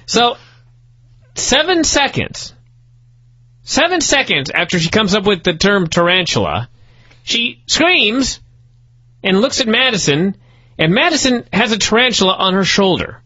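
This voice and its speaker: Sarcastic man, profane storyteller, animated pitch, lo-fi audio. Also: unhurried, long pauses. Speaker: podcast host. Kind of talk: sarcastic wrestling recap. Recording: dull lo-fi podcast audio.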